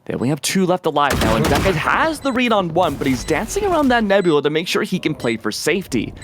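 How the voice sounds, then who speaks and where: A man calls a competitive video game match live, his voice high and swinging all over the place. He gets excitable at the big plays. Gunfire and game noise sit clearly under his voice. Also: fast. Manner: energetic, excitable play-by-play. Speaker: esports caster. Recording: noisy stream audio with game sounds.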